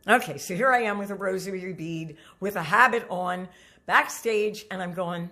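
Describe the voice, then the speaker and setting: A woman's voice: mid-range voice, moderate pace, bright, forceful tone. A middle-aged woman singing teacher giving a motivational talk to camera, earnest and coaching, often repeating herself.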